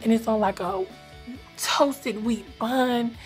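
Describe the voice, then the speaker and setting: A young woman from Atlanta with a light Southern accent, chatting fast and casually to camera with lots of "like". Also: on the high side, soft background music. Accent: Atlanta Southern American. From Atlanta, Georgia, US. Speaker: vlogger.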